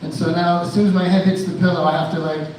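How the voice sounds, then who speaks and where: A man's voice: high voice, little pitch movement, quick pace, darkish tone, a little hiss or hum. A man doing a live stand-up set at a bar, rambling and loose with many fillers and restarts. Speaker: stand-up comedian. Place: indoor bar venue. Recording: echoey room, mic at a distance.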